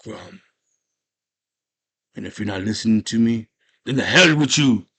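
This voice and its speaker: Gruff barbarian at prayer voiced by a man, low, solemn, slow. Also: level tone, dark tone. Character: grim barbarian warrior praying, gruff man.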